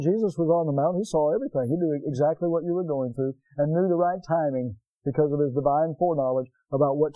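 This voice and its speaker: A male pastor delivers a sermon with a folksy, emphatic manner, swinging from loud exclamations to low, slow stretches. His voice sits a little high yet sounds mellow, and the recording is dry and close. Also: dry recording, low-quality recording. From United States.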